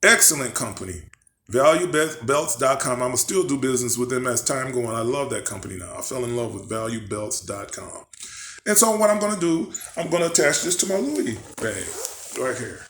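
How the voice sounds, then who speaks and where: A man's voice: mid-range voice, lively intonation, brisk, a bit bright. Chatty man in an echoey room. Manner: chatty, rambling, asks viewers to imagine. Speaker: vlogger. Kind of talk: casual show-and-tell vlog. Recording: echoey room, faint background noise.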